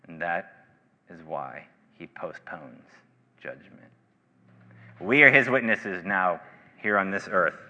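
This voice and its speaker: A man preaching a sermon as pastor, earnest and emphatic, swinging from loud declarations to quiet, low passages. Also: in a large hall. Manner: earnest, rising to emphatic bursts then dropping low.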